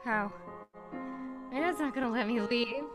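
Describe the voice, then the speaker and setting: A woman's voice: a little high, a little slow, over loud music, lightly acted. A woman voicing a sulky, bratty teenage girl who snaps back angrily. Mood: sulky, angry. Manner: bratty, snappish.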